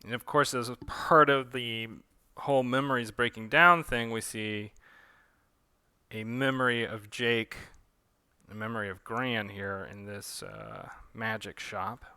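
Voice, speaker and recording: Bright-voiced man doing relaxed commentary. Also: medium pitch, unhurried, clear, resonant tone, dry recording. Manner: relaxed, rambling with fillers. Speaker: author giving commentary. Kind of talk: director's commentary read-along.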